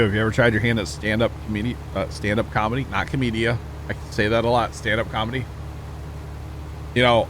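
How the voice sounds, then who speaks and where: A man's voice: fairly low pitch, background noise. A man streaming a farming game, chatting casually and joking with his chat. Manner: chatty, jokey, reading chat aloud.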